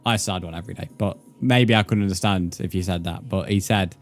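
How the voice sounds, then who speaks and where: A young man from England with a low-pitched, brisk voice live-streams a game, faint music behind him. He chats casually, jokes with viewers, swears freely and reads the chat aloud.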